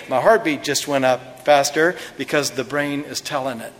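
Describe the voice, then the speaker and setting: A man preaching a sermon to a congregation, animated, swinging from raised, excited passages to hushed, quiet lines. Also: mid-range voice, normal speed, hardly any pauses, long reverb tail. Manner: animated preaching with dramatic drops to a hush. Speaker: pastor. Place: church sanctuary before a congregation.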